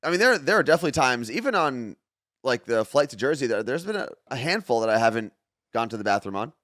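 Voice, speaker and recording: A man's voice: medium pitch, big pitch swings, fast talker, fairly bright tone, dry recording, clean studio sound. A man co-hosting a morning show in casual chat, easygoing, reading out listener messages. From Seattle area. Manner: easygoing, reads out listener texts. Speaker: radio show co-host.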